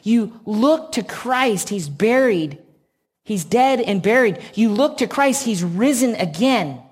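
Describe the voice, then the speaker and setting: Slow, earnest woman preaching. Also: a little high, animated, darkish tone, husky. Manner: slow, earnest storytelling with emphatic repetition. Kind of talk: sermon.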